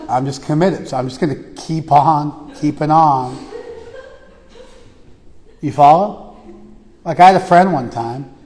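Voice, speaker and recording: A man giving a spiritual lecture to a class, animated, swinging between quiet and loud, often checking in with "you follow?". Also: mid-range voice, in a large hall, slight background noise. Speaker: spiritual teacher. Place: class room in a temple.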